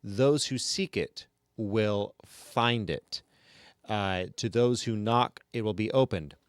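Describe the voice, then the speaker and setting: A man voicing a calm, wise old male teacher in a measured, reassuring read. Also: on the low side, no room sound, clean studio sound.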